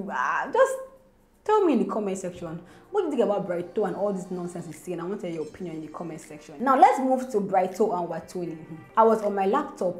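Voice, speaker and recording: A woman, chatting excitedly as a gossip vlogger to her viewers. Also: mid-range voice. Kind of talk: casual gossip commentary to viewers. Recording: roomy echo with faint music.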